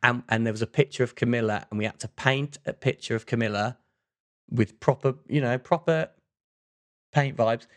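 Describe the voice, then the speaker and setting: Here a man with a mid-range, somewhat bright voice spins a long, rambling tale on a casual podcast he co-hosts. He speaks at a moderate pace, with frequent restarts, fillers and plenty of "like"s.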